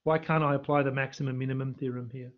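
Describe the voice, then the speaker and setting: A man's voice: mid-range voice, steady tone, fast, phone-quality sound. A man teaching a live-streamed maths revision lesson, quizzing students in the chat. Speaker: university maths lecturer. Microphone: computer mic on a live stream.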